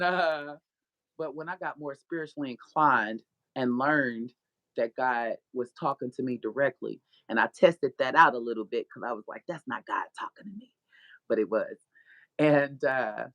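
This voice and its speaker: In dry, lo-fi audio, a woman with an extremely low-pitched voice tells her story as a guest author. She is blunt and profane, often laughs, and slips into spiritual preaching as she speaks candidly about herself.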